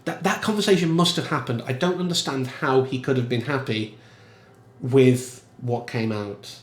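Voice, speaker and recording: A man giving casual, emphatic film commentary in a chatty, animated way. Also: medium pitch, normal speed, echoey room. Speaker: film reviewer.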